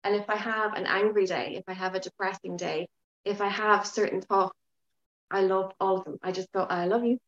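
A woman talking as a podcast guest in casual interview chat, frank and lively, swearing now and then. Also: medium pitch, moderate pace, echoey room, lo-fi sound. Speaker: podcast guest, yoga teacher.

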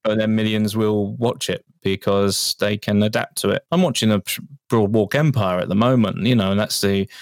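A podcast co-host chats casually and laughs often. His voice sits fairly low with fairly even intonation, and he speaks at a moderate pace. The studio-quality recording has no echo.

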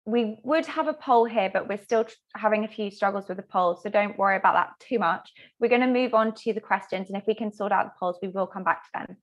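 A woman hosting an online panel, brisk as she introduces speakers and hands over questions. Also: medium pitch, highs cut off. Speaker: panel moderator.

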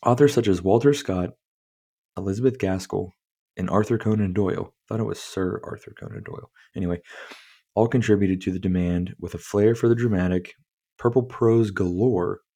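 A man's voice: deep voice, normal speed, mellow, husky. A man hosting a podcast, reading from a book aloud and tripping over words, breaking off for casual, profane commentary. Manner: stumbles over words, swears freely, chuckles at the text. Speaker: podcast host.

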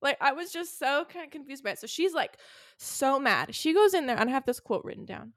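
A woman's voice: sits high, animated, fairly quick, fairly bright tone, no echo, clean studio sound. A woman co-hosting a podcast, recapping a book in casual chat and leaning hard on "like" as a filler. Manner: chatty, heavy use of "like". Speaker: podcast co-host.

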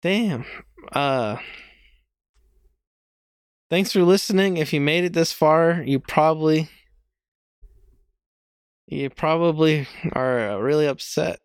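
A man's voice: on the high side, takes it slowly, pauses often, smooth, no room sound, clean studio sound. A young man hosting a podcast alone, rambling casually, mocking himself and laughing often. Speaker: podcast host.

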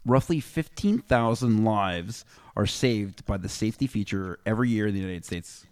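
A man with a low voice hosts a loose podcast chat. He reads figures aloud and breaks them up with crude asides. His mic sounds dry and close. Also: moderate pace, darkish tone, clean tone, no room sound. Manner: reads statistics with offhand jokes. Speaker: podcast host.

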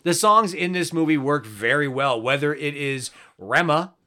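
A man's voice: fairly high pitch, lively intonation, moderate pace, pushed and bright. A man co-hosting a podcast, trading sarcastic quips and swearing while discussing a movie. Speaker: podcast co-host. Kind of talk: casual movie-review chat.

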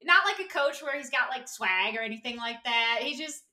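A woman's voice: fairly high pitch, expressive, normal speed, bright, forceful tone. A young woman co-hosting a sports podcast in an upbeat, chatty way, full of casual fillers. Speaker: podcast co-host. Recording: roomy echo.

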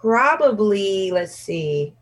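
A woman with a mid-range voice speaks slowly as an interview guest. She's a singer talking frankly in candid, casual conversation, laughing often and acting out things she once said in lively asides.

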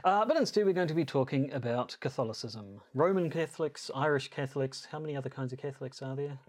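A man co-hosting a podcast in casual chat, low-key and wry, trading dry asides. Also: fast. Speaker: podcast co-host.

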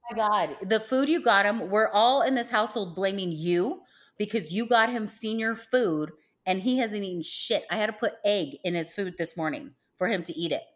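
Young woman, casual co-host, gossipy, theatrical retellings, medium pitch. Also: moderate pace. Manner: gossipy, dramatic quoted voices, swearing. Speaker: podcast co-host. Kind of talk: casual chat.

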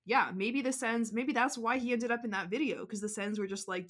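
A woman's voice: fairly high pitch, brisk, few pauses. Chatty woman podcast co-host. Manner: chatty, frequent "like" and "mm-hmm". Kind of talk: casual sports chat.

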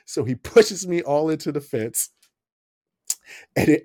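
A young man hosting a podcast, telling a story in a casual, animated way, laughing often and acting out what people said. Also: fairly high pitch, unhurried, long pauses, no room sound, clean studio sound. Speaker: podcast host.

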